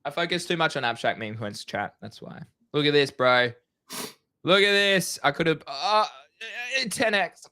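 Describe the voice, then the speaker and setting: A young man co-hosting a casual crypto trading live stream, energetic and slangy. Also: fairly high pitch, normal speed, smooth, dry recording, clean studio sound. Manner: energetic, excitable, slangy, swears.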